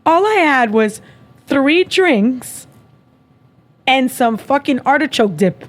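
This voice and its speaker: Animated young woman telling a story. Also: sits high, takes it slowly. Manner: animated storytelling, acts out both sides, laughs often. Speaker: podcast host. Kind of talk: casual chat.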